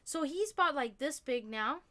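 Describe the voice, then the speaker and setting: A woman with a somewhat high, bright, tense voice hosting a casual livestream. She talks straight to her viewers in loose, rambling stretches full of fillers and restarts. Now and then she drops a casual swear word. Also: lively intonation, normal speed. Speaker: livestream host. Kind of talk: casual chat with stream viewers.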